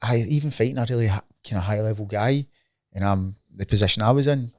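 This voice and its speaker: A Scottish man in his late thirties rattles along at a rapid clip. His talk is casual and peppered with swearing and "you know what I mean". The sound is close and dry, with no room in it. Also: lowish voice, darkish tone, dry recording. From Scotland. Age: 30s. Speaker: MMA fighter guest. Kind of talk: casual podcast chat.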